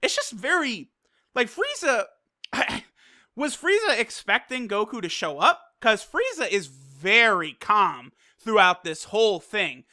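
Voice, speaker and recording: Hyped, profane anime episode reviewer, loose and casual, with a clear bright tone. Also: mid-range voice, takes it slowly. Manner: excitable and profane, with loose fillers.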